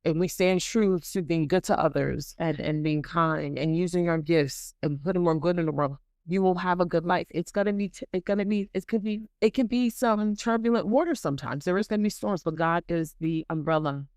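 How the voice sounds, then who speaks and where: A woman hosting a podcast who gives an animated, dramatic motivational faith talk and repeats points for emphasis. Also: lowish voice, fairly quick, few pauses, clear, resonant tone, no echo, studio quality. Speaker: podcast host.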